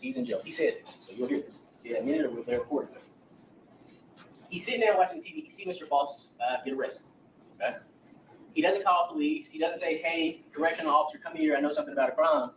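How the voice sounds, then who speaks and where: A man in a courtroom, delivering a defense attorney's opening statement. He talks quickly and with a lot of rise and fall, leaning hard on his points for the jurors. The sound is roomy and distant, with a faint hum of the hall behind him. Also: fairly high pitch. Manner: emphatic, addresses jurors directly, retells witness accounts.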